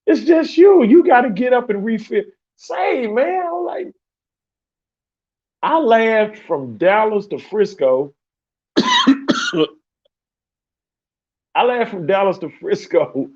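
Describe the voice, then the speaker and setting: A man with a high-sitting voice hosts a podcast, recorded with dull audio. He tells a story in a loose, profane way and laughs often.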